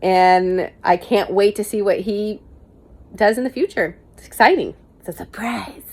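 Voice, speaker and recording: Her mid-range voice has a darkish tone and a measured pace. She's a young vlogger in a casual to-camera Q&A, chatty and candid as she answers viewer questions, self-mocking, swearing casually from time to time.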